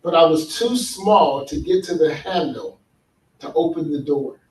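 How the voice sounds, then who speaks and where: A man's voice: a little high, a little slow, darkish tone. A man giving an earnest conference talk, telling stories and asking the audience questions. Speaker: speaker. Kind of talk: conference talk on men's healing. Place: large hall with an audience. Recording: echoey hall, speaker far from mic.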